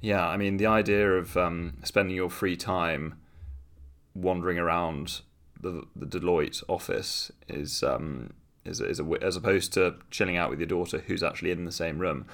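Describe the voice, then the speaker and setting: A man's voice: low voice, fairly even intonation, moderate pace, a bit bright. A young man co-hosting a podcast in casual chat, wry and mocking as he reads posts aloud with dry asides. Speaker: podcast co-host.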